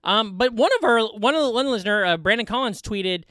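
Guy cohosting a comedy podcast, high bright voice, cracking jokes fast, dry close mic. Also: expressive, no room sound. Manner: joking, quick, laughs often. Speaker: podcast co-host. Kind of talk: casual comedy podcast chat.

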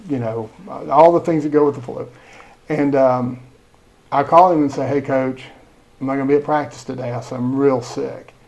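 A middle-aged man, a school superintendent telling lively stories in a podcast interview. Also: medium pitch, low-quality recording. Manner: animated storyteller, acts out quoted dialogue.

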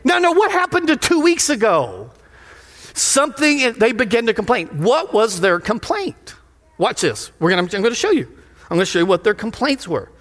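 Man, pastor, very high lively voice, playful sermon, long church hall reverb. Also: normal speed. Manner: lively, playful, asks the crowd questions. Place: church sanctuary.

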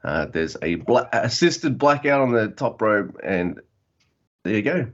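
Low-voiced man recapping wrestling casually. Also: sing-song, measured pace, dull audio. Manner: joking, swears casually. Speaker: podcast co-host.

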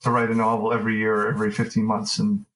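A man being interviewed as an author, talking in a relaxed, rambling way with lots of fillers and restarts. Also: lowish voice, fast, poor audio. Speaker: author guest. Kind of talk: casual interview conversation.

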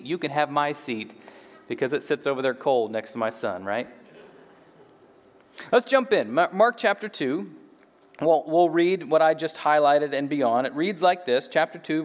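A man's voice: a little high, lively intonation, normal speed. A man preaching a sermon as a pastor, conversational and given to playful asides. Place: church. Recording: reverberant church hall.

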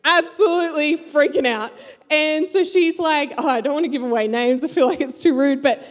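Animated young woman telling stories. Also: high voice, moderate pace. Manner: animated storyteller who acts out her friends' voices. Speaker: speaker. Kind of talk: storytelling talk to a live audience. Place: large hall with an audience. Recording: long hall reverb.

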